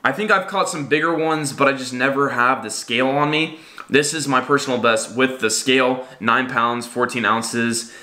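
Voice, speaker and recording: Bright-voiced fishing vlog host. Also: male voice, mid-range voice, normal speed. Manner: upbeat, addressing viewers directly. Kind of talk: casual vlog intro and outro.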